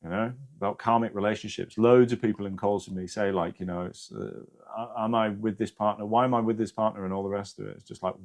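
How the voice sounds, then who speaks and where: Man, fairly low voice, casual live stream host, swears freely, keeps asking "yeah?". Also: creaky, a little mellow. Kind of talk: casual spiritual advice chat.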